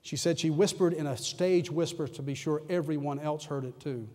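Man, pastor, sermon, earnest, soft hush in prayer, long hall reverb. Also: on the high side, moderate pace. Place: large church hall.

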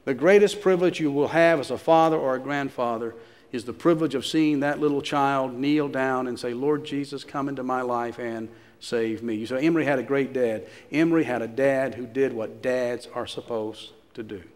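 A pastor preaching a sermon, telling a story and repeating phrases for emphasis. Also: male voice, mid-range voice, fairly even intonation, moderate pace, in a large hall.

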